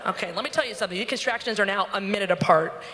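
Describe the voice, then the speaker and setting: A woman telling a comic true story on stage at a live storytelling show, animated and acting out quotes. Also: mid-range voice, rapid-fire. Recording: long hall reverb with faint noise.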